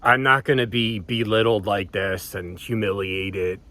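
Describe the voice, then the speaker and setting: This vlogger's voice is lowish, level, bright and forceful, and he speaks a little slowly. He wanders through a personal anecdote, cursing often and repeatedly restarting his thoughts with ums.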